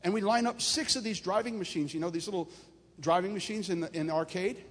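A man preaching with a high voice, telling long stories to his congregation. He builds in force and pitch as he drives his points home. His voice rings through a big, reverberant hall. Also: quick pace, husky. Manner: animated preaching, rising and loud at climaxes. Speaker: pastor. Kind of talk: storytelling sermon.

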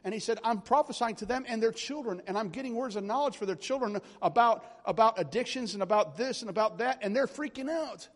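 In a brisk, high-sitting voice that rarely pauses, a man preaches charismatically to his congregation. He tells rambling, animated stories and keeps checking in with the listeners, and the sound carries a long hall echo.

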